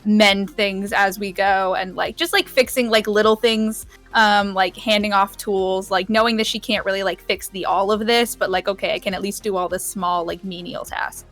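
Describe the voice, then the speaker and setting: A woman's voice: mid-range voice, fairly even intonation, moderate pace, few pauses, fairly bright tone, faint music behind. A woman playing a tabletop game, supportive and rambling, with lots of fillers. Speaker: player. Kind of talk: tabletop game role-play.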